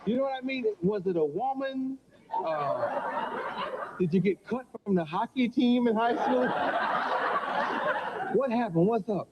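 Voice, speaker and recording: A man's voice: extremely high pitch, animated, unhurried, long pauses, lo-fi sound, heavy background noise. A man hosting a comic mock interview on a talk show, teasing his guest and often breaking into giggles.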